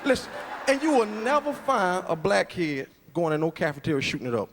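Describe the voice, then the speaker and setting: A man's voice: high voice, brisk. A man performing a stand-up routine on a club stage, telling stories and acting out the people in them. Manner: animated storytelling, acting out characters. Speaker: stand-up comedian. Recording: roomy hall with loud crowd noise. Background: audience laughter.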